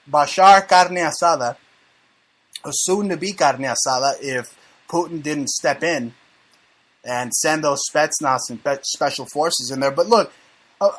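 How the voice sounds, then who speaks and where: American man, talk-show host, brash and boastful, swears freely, slightly high voice. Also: fairly bright tone. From United States. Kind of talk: casual conspiracy talk show.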